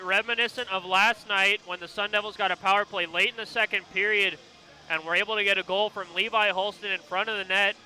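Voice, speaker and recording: A man's voice: high-pitched, pushed and bright, rough recording. A man giving color commentary on a hockey game, analyzing the play in a reflective way.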